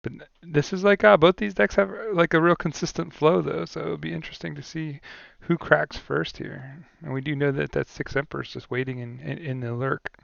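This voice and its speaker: A man's voice: fairly high pitch, fairly even intonation, a little fast, gravelly, no echo, highs cut off. A man co-commentating a card game tournament in a casual, chatty way, laughing often and using many fillers.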